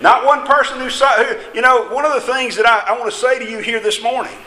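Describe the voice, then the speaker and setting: A man's voice: very high-pitched, steady tone, fast, pushed and bright, roomy sound, poor audio. A man preaching a sermon in a folksy, emphatic way, with small jests along the way.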